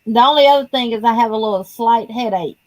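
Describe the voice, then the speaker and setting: A woman guest on a video call gives plain, unhurried updates. Her voice sits a little high. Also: darkish tone, dry recording, rough recording. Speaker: livestream guest. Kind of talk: casual video call chat.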